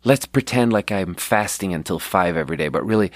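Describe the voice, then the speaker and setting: A young man rambles through a casual story, swearing and running himself down, his voice sitting a little low. He is sleep deprived, and the recording is dry and close with no room around it. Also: animated, brisk, dry recording. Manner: rambling, profane, self-deprecating. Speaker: podcast host.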